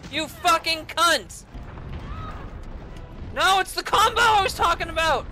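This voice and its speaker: High, lively woman raging at a game. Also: a little slow, pauses often. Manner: swearing, yelling in frustration. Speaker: gaming channel host. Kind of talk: raging gameplay commentary.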